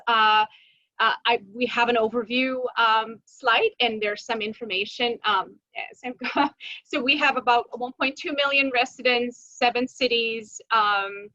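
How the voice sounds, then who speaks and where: A woman presenting for a transit agency in a webinar, measured and pausing often with fillers. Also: a little high, pushed and bright, no echo, lo-fi sound. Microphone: video call.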